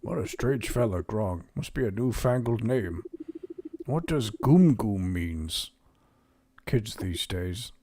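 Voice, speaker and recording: A folksy game mayor. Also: male voice, fairly low pitch, animated, takes it slowly, warm tone. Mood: welcoming. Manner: folksy, grumbles about young folks. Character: friendly old-fashioned male town mayor.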